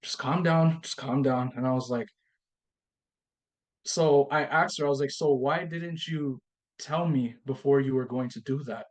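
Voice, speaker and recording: Unhurried and medium in pitch, a male podcast guest tells a story from his own life. He brings it to life by acting out both sides of the dialogue, often repeating and restarting his phrases.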